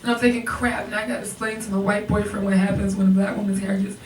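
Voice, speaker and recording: Young female stand-up comic, animated and chatty, crowd laughing behind her. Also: mid-range voice, fast talker. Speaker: stand-up comedian. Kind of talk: stand-up comedy set. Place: comedy club stage. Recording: echoey club, recorded from far off. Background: audience laughter.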